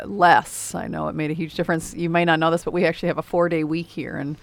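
A man's voice: on the high side, little pitch movement, fast talker, gravelly, hardly any pauses. A man hosting a local radio interview, conversational and folksy as he asks a political candidate questions.

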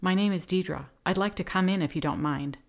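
Lady doing a sweet coaxing young woman, low voice, polite. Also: brisk, lightly acted. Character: calm sweet-talking young blonde woman.

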